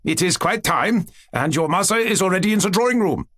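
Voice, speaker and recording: A man's voice: high voice, animated, fairly quick, fairly bright tone, voice pushed up. A man voicing a cheerful old male tutor with a German accent, jolly and teasing.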